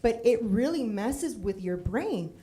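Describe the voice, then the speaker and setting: A middle-aged woman from Puerto Rico giving a personal storytelling talk with slides. She is humorous, lively and often drifts into tangents and acted quotes. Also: fairly high pitch, slow pace. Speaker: storytelling speaker on stage.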